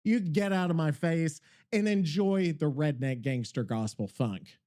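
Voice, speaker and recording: A man's voice: on the high side, a little slow. A man hosting a podcast in casual chat, rambling, profane and easily worked up. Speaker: podcast host.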